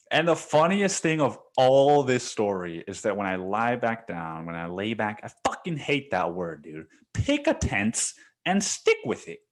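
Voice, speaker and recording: Animated, swearing man telling a story. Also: on the low side. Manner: profane, animated, slangy, says "dude" often. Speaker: podcast host. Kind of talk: casual storytelling monologue.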